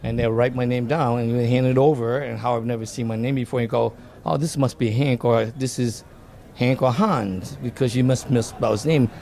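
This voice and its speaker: A man's voice: medium pitch, fairly even intonation, moderate pace, creaky, darkish tone, slight background noise. A man, a guest telling stories in a casual interview and often repeating words as he starts a sentence. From Vietnam. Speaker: dental office design guest.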